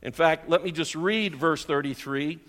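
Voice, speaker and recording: A man preaching a sermon to his congregation in a church, animated and quizzing his listeners as he goes. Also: a little high, normal speed, long reverb tail. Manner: animated, questions the congregation, chuckles often. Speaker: pastor. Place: church sanctuary.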